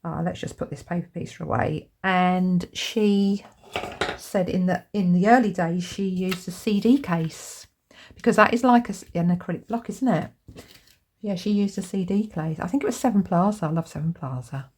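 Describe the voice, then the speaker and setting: Chatty woman, a bit husky. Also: fairly low pitch, moderate pace. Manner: chatty, excitable, lots of tag questions. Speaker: crafting channel host. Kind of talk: casual crafting chat to camera.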